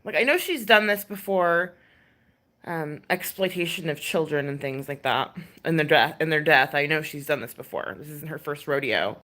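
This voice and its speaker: Speaking at a moderate pace in a low-pitched, pushed and bright voice, an ASMR creator vents on a live stream. Her casual rant is exasperated, packed with sighs, fillers and swear words.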